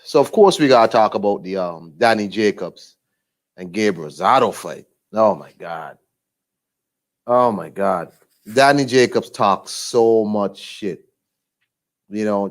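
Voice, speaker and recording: A boxing vlogger with a lowish voice speaks a little slowly in a casual, laid-back monologue. He rambles, leaning on plenty of fillers and restarting his sentences often.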